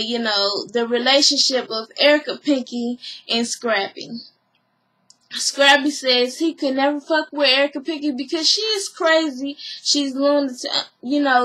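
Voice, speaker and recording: Woman vlogger, casual recap, slangy and unhurried, sharp bright voice. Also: high-pitched. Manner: blunt, slangy, sassy.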